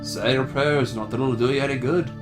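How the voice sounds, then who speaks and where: A man voicing a cocky teenage girl thief in a Liverpool-style accent, gruff rather than girlish. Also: medium pitch, steady tone, brisk, over music, voice pushed up, natural voice. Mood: taunting.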